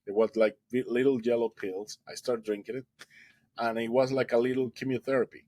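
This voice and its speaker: A man's voice: medium pitch, flat delivery, fairly quick, mellow, dry recording. A man telling his own story as a guest, earnestly, in English with non-native grammar and acted-out voices. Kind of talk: personal storytelling in an interview.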